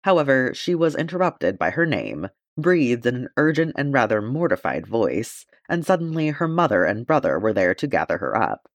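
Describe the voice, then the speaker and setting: A man narrating a fantasy fan fiction chapter as an audiobook, in an expressive, steady storytelling way. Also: medium pitch, normal speed, few pauses, dry recording.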